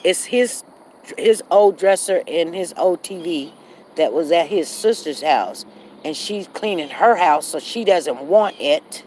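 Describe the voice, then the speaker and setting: A woman hosts a casual, rambling live chat on a phone as she walks outside, with faint outdoor noise behind her. She talks straight to her viewers and greets them by name. When she gets serious she drops her voice low and quiet. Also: a little slow, rough recording. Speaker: livestream host. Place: outdoors, walking.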